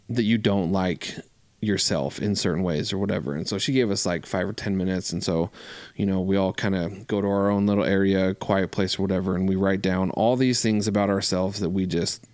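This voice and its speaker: Low-voiced man telling a story casually. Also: dry recording. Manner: conversational, acts out quotes with lively voice shifts. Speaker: recovery show co-host.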